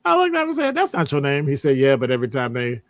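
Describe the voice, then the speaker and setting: A man talking casually in a rambling monologue, animated and digressive, jumping into high voices when quoting people. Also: quick pace, dry recording. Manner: conversational, digressive. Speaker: podcast host; academic department member.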